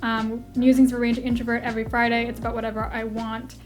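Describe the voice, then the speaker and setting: A young woman vlogger reacting casually, talking in an animated, blunt and sweary way. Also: a little high, brisk, soft background music.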